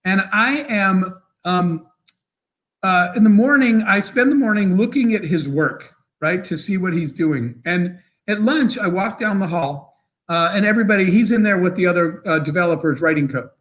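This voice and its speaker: A man, a guest entrepreneur, telling motivational stories in an interview in an animated, quick way. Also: sits high, low-quality recording. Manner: animated, fast storyteller with bursts of laughter.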